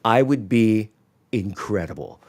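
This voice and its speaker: A man's voice: on the low side, expressive, unhurried, a little mellow. A man co-hosting a casual chat, wry and jokey, turning earnest and emphatic. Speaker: co-host.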